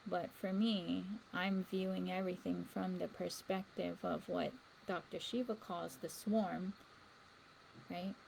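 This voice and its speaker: Earnest gravelly-voiced woman host. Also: fairly low pitch, little pitch movement, a little slow, a little mellow, slight background noise, poor audio. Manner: earnest, rambling with fillers. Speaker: livestream host. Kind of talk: casual spiritual talk.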